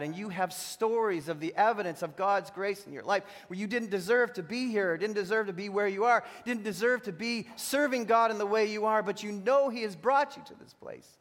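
A preaching pastor in a reverberant church. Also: male voice, high voice, moderate pace, hardly any pauses. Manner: earnest storytelling with frequent restarts, rising to emphatic preaching. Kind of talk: sermon. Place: church sanctuary. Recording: long hall reverb.

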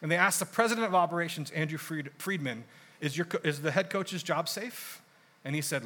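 A young adult man preaching a sermon in a conversational, animated storytelling way with casual asides. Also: on the high side, a little fast. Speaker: pastor.

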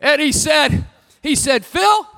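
A man preaching a sermon with lively delivery, rising to shouts and acting out what the figures say. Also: high voice, measured pace, vocal fry. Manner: animated, shouting at peaks, acting out quotes. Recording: long hall reverb.

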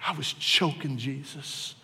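A man from Virginia preaching a sermon as a pastor, telling a personal testimony that swings from hushed to impassioned. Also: mid-range voice, unhurried, creaky, long reverb tail. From Virginia, USA.

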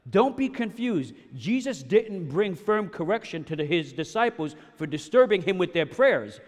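A man preaching a sermon, emphatic, shifting between loud bursts and hushed passages, often checking in with his listeners with "yes?" and "right?". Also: sits high, big pitch swings, normal speed, long reverb tail. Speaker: pastor.

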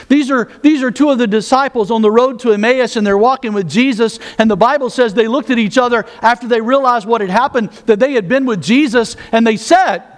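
Male pastor, high voice, sermon delivered as easy conversation with self-mocking asides. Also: fairly quick, few pauses.

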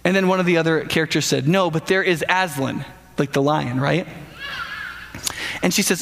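A man's voice: fairly high pitch, normal speed, vocal fry, pauses often, a bit bright, long reverb tail. A man preaching a sermon in a conversational way, often stammering and restarting and putting questions to the listeners.

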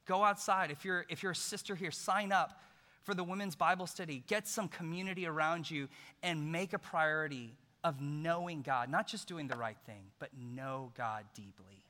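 A middle-aged male pastor preaches in a big church hall, his bright, forceful voice carrying a long reverb tail. He tells stories and swings from loud, emphatic bursts down to near-hushed tenderness, sitting a little higher than most men. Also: normal speed. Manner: storytelling, swinging between loud emphasis and hushed soft passages. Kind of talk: sermon.

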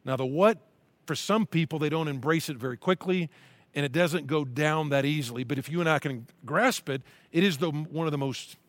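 A man's voice: fairly high pitch, dry recording. A middle-aged male pastor preaching a sermon, reading scripture aloud with earnest emphasis.

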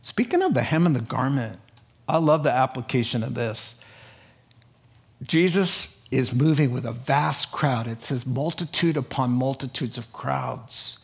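A male pastor preaching a sermon, lively, with small chuckles as he acts out quoted voices. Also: mid-range voice, a little slow, gravelly.

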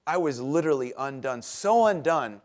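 A middle-aged man preaching a sermon as pastor, telling stories in a chatty way with self-deprecating humor that grows animated at the punchlines. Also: moderate pace. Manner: animated, rises in pitch and volume at punchlines.

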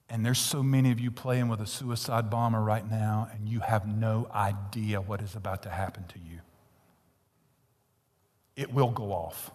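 A man preaching a sermon, blunt and intense, swinging from loud peaks to hushed whispers. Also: lowish voice, steady tone, moderate pace, long reverb tail. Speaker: pastor.

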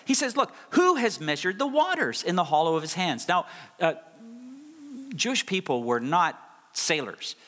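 Preaching in a large hall with a long reverb, a middle-aged male pastor stresses and repeats key phrases for effect. His voice is a little high and somewhat bright.

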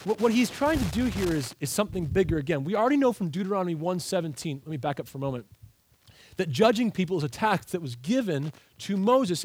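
A man preaching a sermon, reading scripture and explaining it with earnest emphasis. His voice sits a little high for a man. The sound is dry and close. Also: no room sound. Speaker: pastor.

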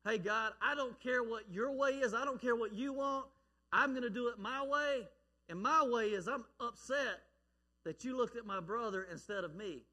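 A man preaching voices Cain as a stubborn man defiantly talking back to God, loud and insistent. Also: extremely high pitch, moderate pace, pitched above the performer's own voice, exaggerated voice.

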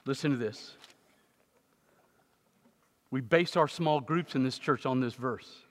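A man preaching a sermon in a church, telling humorous stories and building to loud emphatic moments. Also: on the high side, slow, long pauses. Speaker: pastor. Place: church sanctuary. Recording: long hall reverb.

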